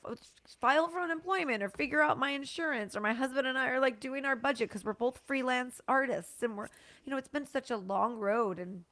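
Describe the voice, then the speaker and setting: A woman guest on a podcast, telling a heartfelt story in an animated way, tearful and laughing at once. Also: fairly high pitch, dry recording. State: crying. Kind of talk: emotional interview storytelling.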